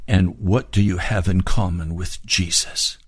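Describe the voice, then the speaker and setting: Male preacher going through scripture real slow, dry close sound. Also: low-pitched, steady tone, slightly rough, dry recording. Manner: expository, explaining scripture word by word. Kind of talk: sermon.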